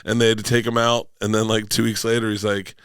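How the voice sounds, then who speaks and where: A middle-aged man from Florida, a comedian guest telling rambling stories loudly, swearing often and acting out what people said. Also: on the low side, level tone, fast talker, clear, resonant tone, dry recording, studio quality. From Tampa, Florida. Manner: loud, rambling, swears often, acts out quotes. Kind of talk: casual storytelling.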